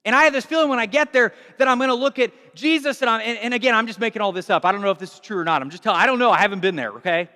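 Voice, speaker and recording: A man preaching a sermon, animated and acting out dialogue, moving from hushed lines to shouts. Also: high voice, rapid-fire, hardly any pauses, in a large hall. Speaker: pastor.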